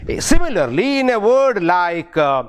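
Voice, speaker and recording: A man's voice: sits high, sing-song, moderate pace, smooth. A middle-aged man with an Indian English accent teaching pronunciation, spelling words out letter by letter and repeating key words. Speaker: university English professor. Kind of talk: pronunciation lecture.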